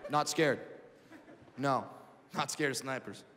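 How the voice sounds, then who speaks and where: A man in his thirties performing a stand-up comedy set with animated storytelling that swings between loud bursts and quiet asides. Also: mid-range voice, slow. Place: large comedy venue with a live audience. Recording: reverberant hall with audience noise.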